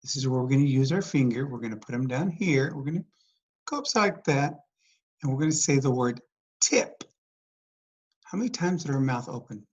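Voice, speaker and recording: A dyslexia teacher leads a phonics lesson at an unhurried, deliberate pace, patiently and steadily repeating each word and pausing to put questions to the listener. Her voice is mid-range and the recording is muffled.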